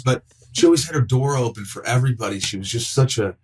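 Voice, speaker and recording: A man's voice: mid-range voice, fast, hardly any pauses, breathy edge, low-quality recording. A middle-aged man, an actor, talking casually on a podcast, telling stories and acting out other people's lines in put-on voices and swearing freely. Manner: animated, acts out quotes in voices, swears freely. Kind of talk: casual conversation, storytelling.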